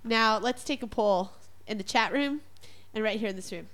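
A woman co-hosting a radio show, chatting casually in a giggly, gushing, animated way. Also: on the high side, normal speed.

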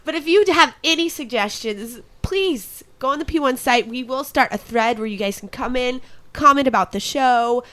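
Woman podcast host, slightly high voice, chatty and jokey sign-off patter. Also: moderate pace, sharp tone. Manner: chatty, joking, plugging the show. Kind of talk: casual podcast chat.

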